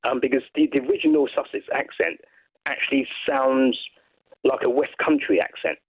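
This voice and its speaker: A man's voice: medium pitch, expressive, moderate pace, breathy edge. A man from England calling in to a radio show, chatting eagerly and rambling with lots of restarts. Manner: rambling, enthusiastic, many restarts. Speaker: caller. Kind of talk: casual chat on a radio phone-in. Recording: phone line.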